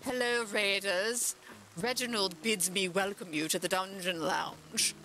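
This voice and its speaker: A woman's voice: medium pitch, fairly even intonation, bright, forceful tone, soft background music, poor audio. A woman putting on a haughty imperious duchess. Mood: stately. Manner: pompous, imperious, slow and drawn out. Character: haughty aristocratic duchess ordering her servant about.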